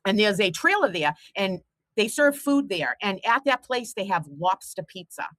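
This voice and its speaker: A Boston woman in her fifties hosts a livestream, chatting casually and telling stories in a blunt, profane way. Her mid-range voice is sing-song and fairly bright at a normal speed, with no echo but poor audio quality.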